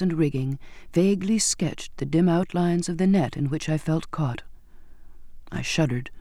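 A woman narrating a first-person audiobook in a measured, descriptive storytelling manner, recorded close in a studio booth. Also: deep voice, dark tone, dry recording.

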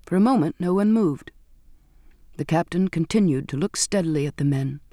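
A man reads a first-person story aloud in a measured, steady way. His voice sits a little high, and the recording is dry and close with no room echo. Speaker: narrator.

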